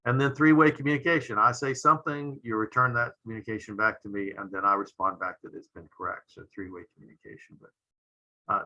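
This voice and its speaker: A middle-aged man, a pediatric intensivist, giving a measured medical lecture with frequent "uh" fillers and phrases that trail off quietly. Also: fairly low pitch, rough recording.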